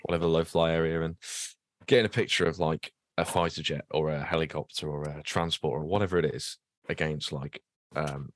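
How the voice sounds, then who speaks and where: A man with a Birmingham accent chats as a podcast guest in an easygoing, jokey manner. His voice is very low for a man. It sounds close and dry. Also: fairly even intonation, fairly quick, dry recording. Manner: laid-back, jokey, trailing off. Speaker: aviation photographer guest. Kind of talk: casual podcast chat.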